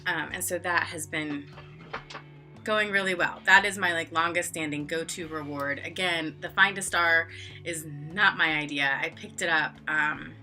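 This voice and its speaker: With faint music behind her, a woman in her thirties who teaches English online chats on camera in a steady, slightly slow voice that sounds pushed and bright. She explains things casually with many fillers, acting out classroom exchanges in high, playful voices.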